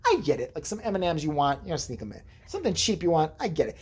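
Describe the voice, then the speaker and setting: A woman tells a rambling, profane story to the camera, mimicking the people she quotes along the way. Her voice sits low and a little husky, and it swoops animatedly from line to line. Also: sing-song, fast talker, hardly any pauses, a little mellow. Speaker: vlogger. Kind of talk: casual storytelling.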